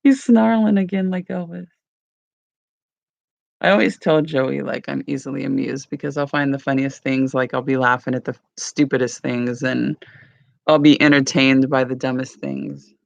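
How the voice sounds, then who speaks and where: A woman's voice: rumbling low, fairly even intonation, moderate pace, vocal fry, dry recording. A woman rambling casually at home for her morning vlog, with lots of "like" and "you know.". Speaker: vlogger. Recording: dull lo-fi sound.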